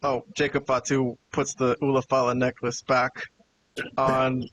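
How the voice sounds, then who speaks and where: A medium-pitched podcast host speaks a little slowly while casually walking through a wrestling show and animatedly voicing the quoted lines. The recording is dry, and the audio quality is poor.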